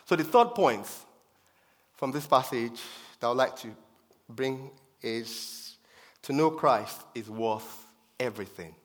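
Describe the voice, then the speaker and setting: A man's voice: medium pitch, animated, slow. A man preaching a sermon with emphasis, repeating his key phrases for effect. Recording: long reverb of a hall.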